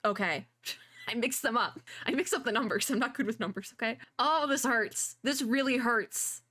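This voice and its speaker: A woman giving casual, excitable reaction commentary as a VTuber, chatty and gushing. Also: a little high, normal speed. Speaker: VTuber reacting to an animated short. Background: faint music from the video.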